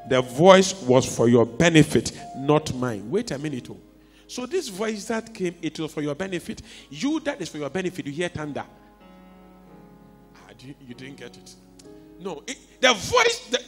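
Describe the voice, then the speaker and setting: A man preaching a sermon as a pastor, telling stories and swinging from quiet asides to shouts. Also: on the high side, sing-song, moderate pace. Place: church hall. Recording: long hall reverb with faint music.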